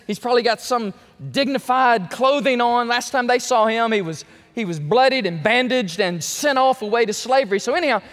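Lively preacher in a reverberant hall. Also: male voice, high voice. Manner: lively preaching, folksy Southern-style asides. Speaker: pastor. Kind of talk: sermon.

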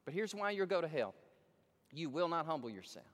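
A male pastor preaching a sermon in a large church sanctuary, emphatic, swinging from hushed pleading to loud excitement. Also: fairly high pitch, fairly quick, big-room sound.

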